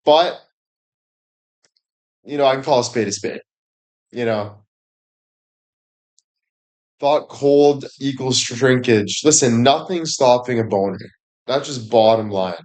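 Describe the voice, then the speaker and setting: Speaking slowly with long pauses, a man with a mid-range, darkish voice rambles through a crude comedic monologue on a livestream. Profanity is constant, he cracks himself up, and "you know" keeps popping up as filler.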